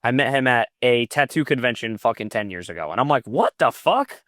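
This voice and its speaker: A man's voice: mid-range voice, animated, fast, a bit bright, dry recording, studio quality. A man, a podcast guest and metal vocalist, telling long stories in casual chat over a video call. He acts out quoted back-and-forths and swears often.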